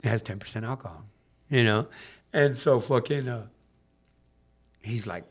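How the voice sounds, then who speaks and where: A man from Southern California, a podcast guest in recovery, shares a personal story in a loose, casual conversation. His voice is lowish, his pace moderate, and he pauses often. He swears freely and performs the dialogue with a different voice for each person.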